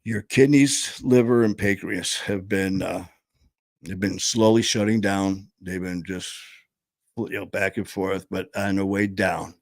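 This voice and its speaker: A man's voice: sits low, level tone, dry recording. Blunt man telling a personal story. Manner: blunt, candid, swears freely; halting, full of fillers and restarts.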